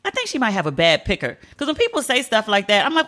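A woman's voice: fairly high pitch, wildly swooping pitch, fast talker, hardly any pauses, a bit bright. A woman hosting a solo podcast, chatting candidly with strong opinions and casual slang. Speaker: podcast host. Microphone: podcast mic.

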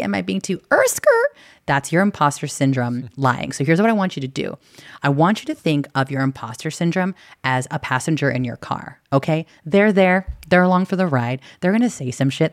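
A woman's voice: low-pitched, no echo, studio quality. A woman hosting a podcast, talking candidly and casually, swearing now and then and acting out inner voices. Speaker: podcast host. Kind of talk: casual chat.

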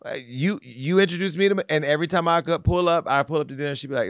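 A man's voice: on the high side, fast, no echo, clean studio sound. A man hosting a casual gossip podcast, telling stories with animation and acting out what others said. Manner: animated storytelling, acts out quotes. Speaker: podcast host.

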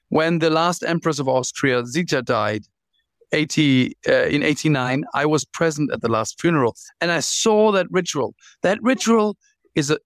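A man guest author telling stories in an interview, animated, often restarting and repeating words. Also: a little high, no echo. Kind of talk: interview storytelling.

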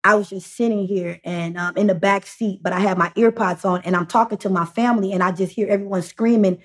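A woman's voice: mid-range voice, steady tone. A young adult woman, a podcast guest, talking in a casual storytelling way, full of fillers and restarts. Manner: halting, many fillers and restarts.

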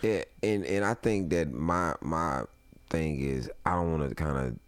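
A man's voice: extremely low pitch, unhurried, no room sound, faint music behind. A man talking as a guest in a casual chat, hesitant and full of fillers. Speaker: podcast guest.

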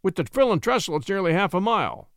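A man's voice: high voice, very animated, fast talker, no room sound, studio quality. Man doing a blustering small-town deputy. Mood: frightened. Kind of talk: audiobook character voice.

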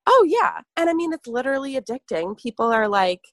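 A woman in casual conversation, telling an animated story full of fillers and laughs. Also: a little high, a little fast, no room sound. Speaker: podcast co-host, former barista. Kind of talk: casual chat.

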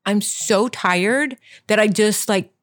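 A woman's voice: medium pitch, fairly bright tone. A woman in her thirties co-hosting a podcast, chatting and laughing easily in casual banter with her partner. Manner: giggly, chatty, quick to laugh along. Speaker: podcast co-host.

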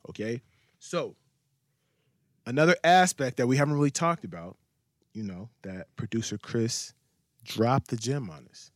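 A male podcast host in loose group talk, getting worked up and tripping over his own phrases. His voice sits at a middle pitch. The room sounds dry and close. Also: a little slow, long pauses, dry recording. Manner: excitable, stammers and repeats himself, swears. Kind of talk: casual podcast chat.

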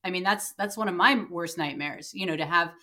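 A woman co-hosting a podcast, thinking aloud in relaxed conversation. Her voice is bright and a little tense, and she pauses and restarts as she works her ideas out. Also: on the low side. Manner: thoughtful, hesitant, many fillers. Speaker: podcast co-host. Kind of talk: casual chat.

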